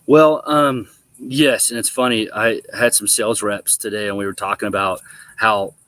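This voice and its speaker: A man's voice: fairly low pitch, normal speed, no room sound. A middle-aged man, a former college quarterback and now a guest on a sports talk show, telling stories casually and acting out the quotes. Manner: animated storyteller, acts out quotes.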